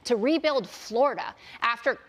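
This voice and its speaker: A woman's voice: on the high side, expressive, moderate pace. A woman on a TV panel, firmly defending her argument in an opinionated debate. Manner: insistent, stands her ground against pushback. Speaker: panelist on a TV talk show.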